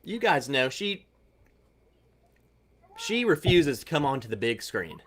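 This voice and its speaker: This livestream host has a fairly high-pitched, somewhat bright voice and is very animated, though his pace stays measured. In his casual chat he laughs a lot and stumbles over his first words, repeating them.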